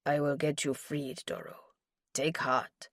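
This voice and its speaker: A woman voicing a gentle, steady man with a deep, soft, soothing voice. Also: slow, no echo, studio quality. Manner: soothing, quiet.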